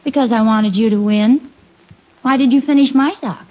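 A woman's voice: a little high, normal speed, close to an everyday voice. A woman acting a sweet, affectionate wife in a 1940s radio sitcom, muffled old recording. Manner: sweet, affectionate, gently teasing.

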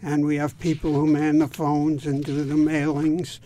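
A man speaking as a guest on an interview, explaining things in a measured, patient way. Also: a little high, monotone, warm tone. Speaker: guest from a home repair volunteer group. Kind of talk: interview answers.

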